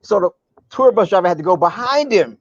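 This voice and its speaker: A man's voice: sits high, a little fast, dry recording, highs cut off. A man, a comedian guest, telling a funny road story in casual chat and acting out the people in it. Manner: animated, mimics voices and groans.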